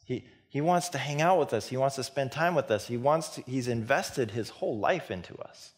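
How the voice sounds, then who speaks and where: A man delivers a loose, chatty sermon in an average-pitched voice. He tells the story as if talking to friends, laughing lightly and putting on the voices of the people in it. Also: moderate pace. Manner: animated storytelling, acts out dialogue with laughs. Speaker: pastor. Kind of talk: casual sermon.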